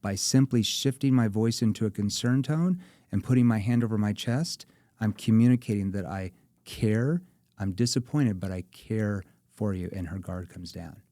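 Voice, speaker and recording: Man, sales trainer type, lively and demonstrative, mid pitch, dry close-miked sound. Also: moderate pace, no room sound. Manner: demonstrative, acts out tones of voice. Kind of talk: animated instructional chat.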